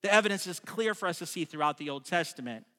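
A man preaching a sermon in a relaxed, conversational way, stressing key points and often restarting his phrases. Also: high-pitched, fast talker. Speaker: pastor. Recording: long reverb of a large room.

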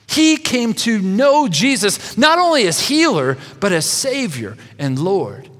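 A pastor preaching a sermon, reading scripture expressively and voicing the quoted speakers. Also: male voice, sits high, sing-song, takes it slowly, fairly bright tone, in a large hall.

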